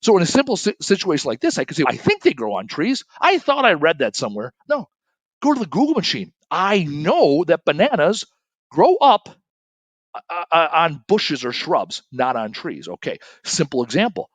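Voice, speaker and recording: A middle-aged man giving a casual solo talk as an author, animated and self-correcting, acting out the people he quotes. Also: fairly high pitch, moderate pace, dry recording. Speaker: author and speaker. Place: home studio, shooting remote.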